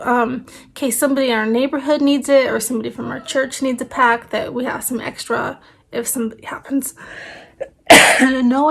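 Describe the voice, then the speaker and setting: A woman's voice: high voice, a bit bright. Tired chatty mom vlogger, woman. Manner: chatty, rambling, many fillers. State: tired, voice fading. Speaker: family vlogger. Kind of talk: casual vlog chat.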